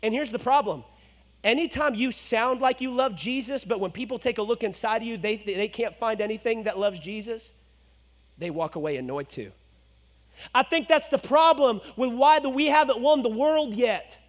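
A male pastor preaching a sermon, swinging between loud exhortation and hushed, low asides. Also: animated, normal speed.

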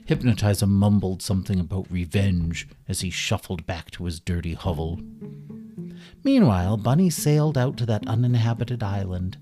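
A man reading a children's story aloud in a playful, animated way, with soft guitar music behind him. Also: low-pitched, moderate pace.

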